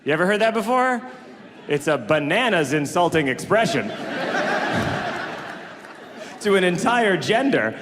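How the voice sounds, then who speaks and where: A man with a notably high voice doing a stand-up routine, riffing fast and sounding incredulous. The live recording carries a long hall reverb, with a clear crowd and steady background noise. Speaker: stand-up comedian.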